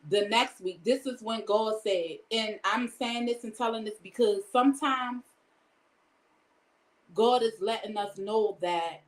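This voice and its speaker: A woman's voice: a little high, measured pace, echoey room, low-quality recording. A woman giving a candid personal testimony in a casual way. She retells each exchange by quoting it and often speaks of God. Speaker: storyteller sharing a personal testimony.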